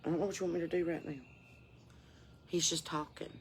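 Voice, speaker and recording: A woman chatting casually in a rambling vlog, salty and profane, telling stories in a down-home way and sometimes dropping to a soft murmur. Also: lowish voice, fairly even intonation, brisk, slight background noise. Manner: drops to a soft murmur at times. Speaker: touring musician and vlogger.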